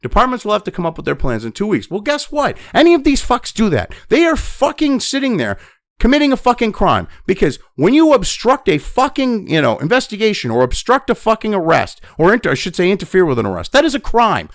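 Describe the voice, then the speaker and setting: A man delivers a furious, profanity-laden rant, jumping between flat, muttered reading and sudden high, loud outbursts. His voice sits fairly high and swings widely in pitch. The sound is close and dry, with no room around it. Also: brisk, dry recording. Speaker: commentator reading and reacting to news. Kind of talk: profane political rant over news reading.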